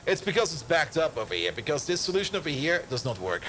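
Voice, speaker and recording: High-pitched man, casual stream chatter, laughs a lot, faint background hiss. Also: very animated, quick pace, fairly bright tone. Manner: joking, rambling, laughs often. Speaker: game streamer. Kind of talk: casual live-stream chat.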